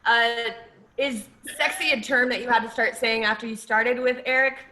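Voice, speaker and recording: A woman's voice: on the high side, fairly even intonation, moderate pace, sharp tone, poor audio. A woman on a casual video call, asking playful, teasing questions of a fellow panelist.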